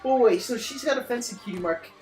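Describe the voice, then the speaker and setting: Animated swearing man commentating. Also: very high voice, fast talker, soft background music. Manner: animated, swears, laughs often. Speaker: co-host of a cartoon commentary. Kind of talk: casual commentary chat.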